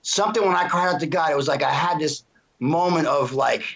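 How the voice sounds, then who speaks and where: A man's voice: a little high, brisk, creaky, a bit bright, breathy edge. A middle-aged man giving an earnest, emotional personal testimony in a casual interview, often restarting and asking "you know what I mean". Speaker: interview guest. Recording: dull lo-fi sound.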